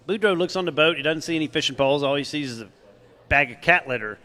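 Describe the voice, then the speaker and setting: Man from Louisiana, high lively voice, bright tone, long hall reverb, swears freely. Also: fairly quick. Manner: animated joke-telling, swears freely. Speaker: podcast co-host. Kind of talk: casual chat.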